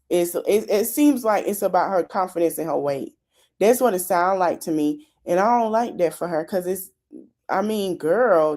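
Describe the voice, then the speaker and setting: A woman's voice: on the low side, dark tone. Chatty woman retelling reality show drama. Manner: chatty storytelling, retelling dialogue with commentary. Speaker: podcast host. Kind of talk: casual reality show recap.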